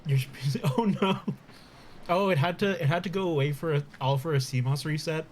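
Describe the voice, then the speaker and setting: A man's voice: fairly high pitch, moderate pace, a little mellow, slight background noise. A man chatting casually on a live stream, talking with his mouth full and laughing often.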